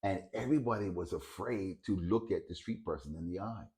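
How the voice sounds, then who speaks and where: A man's voice: deep voice, fairly quick, darkish tone. A man casually telling a story, hesitating and repeating words as he searches for them.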